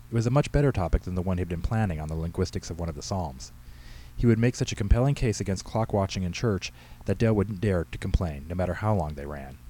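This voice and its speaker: A man reads his own humorous story aloud with a brisk, wry delivery. His voice is low and mellow, and he moves through the text at a fast clip. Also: rough recording. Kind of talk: storybook narration.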